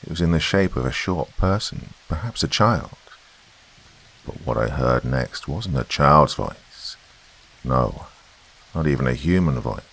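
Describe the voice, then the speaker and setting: A man narrates a horror tale in a slow, brooding way. His voice is extremely deep and gravelly, with a husky texture. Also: animated, fairly bright tone.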